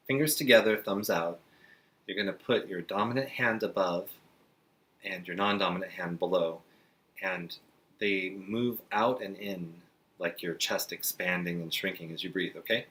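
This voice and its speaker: A man teaching beginner sign language to parents in a friendly, chatty way, slowing down while he demonstrates signs. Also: low-pitched. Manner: relaxed, chatty, with frequent fillers and slow demonstrating passages. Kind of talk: friendly instructional talk to parents.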